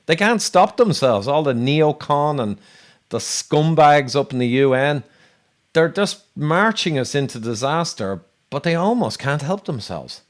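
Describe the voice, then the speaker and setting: A man's voice: on the high side, measured pace. Indignant male interview host. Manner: indignant, animated storytelling. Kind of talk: conversational interview.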